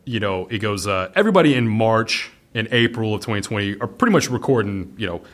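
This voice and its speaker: A pub owner with a lowish, brisk voice and lively intonation speaks bluntly in a casual interview. He swears freely and laughs his way through his stories.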